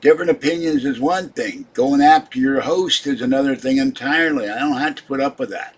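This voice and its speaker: Husky irritable older man. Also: medium pitch, brisk. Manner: irritable, scolding viewers in the chat. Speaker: livestream host. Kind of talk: rambling live-stream chat.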